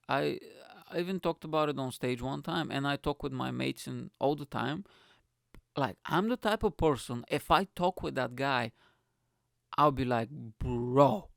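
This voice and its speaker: Young man, podcast host, solo rant, blunt, profane, rambling, gravelly voice, dry close sound. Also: a little high, dry recording.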